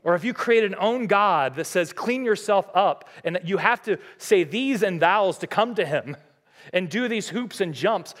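A middle-aged man preaching a sermon as a pastor, earnest and impassioned, swinging between loud emphatic lines and low quiet ones. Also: expressive, moderate pace.

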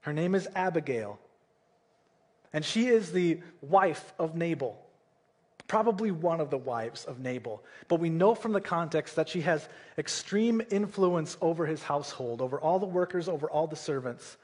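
A man's voice: a little high, animated, normal speed, breathy edge. A man preaching a sermon, retelling a Bible story in a casual way and often checking in with "right?" and "okay?".

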